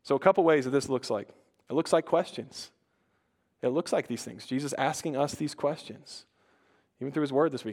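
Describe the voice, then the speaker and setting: A man's voice: fairly high pitch, animated, brisk, long pauses, a little mellow. A young man preaching a conversational sermon, casual and chatty, often restarting his sentences and saying "like". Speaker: pastor.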